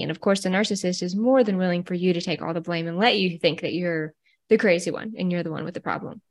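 A woman psychotherapist, a podcast guest, explaining things calmly and clearly in the manner of a counselor. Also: mid-range voice, brisk. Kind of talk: explanatory interview talk.

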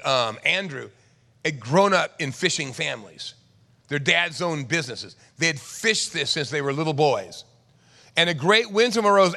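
Man preaching, bright gravelly voice, dramatic swings from loud to hushed, reverberant church hall. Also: on the high side. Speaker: pastor. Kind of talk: sermon.

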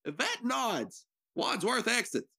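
Giggly, gravelly-voiced woman narrator. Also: a little high, sing-song, takes it slowly, sharp tone. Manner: giggly, joking asides. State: nervous. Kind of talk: reading stage directions for an amateur radio drama.

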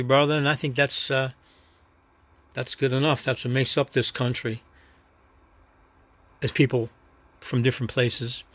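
A New York City man with a New York accent and an ordinary middle-pitched, sharp voice hosts his own podcast. In a casual personal monologue, he rambles reflectively through his life story without pushing. The recording is dry and close, with no room sound.

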